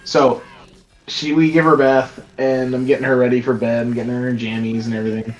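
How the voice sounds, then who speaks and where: A man's voice: mid-range voice, level tone, a little fast, faint music behind, poor audio. A man joining a game stream as a guest, laid-back and self-deprecating while telling a story. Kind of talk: casual storytelling.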